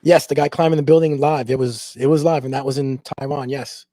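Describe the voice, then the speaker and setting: Give me a mellow, laid-back man co-hosting and reading out viewer comments. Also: medium pitch, fairly even intonation, fairly quick, no echo. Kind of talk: casual chat.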